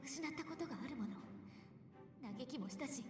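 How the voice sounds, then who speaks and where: Casting: a stately, commanding goddess for a video game; high, quick delivery, sounding distant in a long reverberant hall over music. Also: female voice, expressive. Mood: solemn. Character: grandiose godlike female deity, serene and commanding.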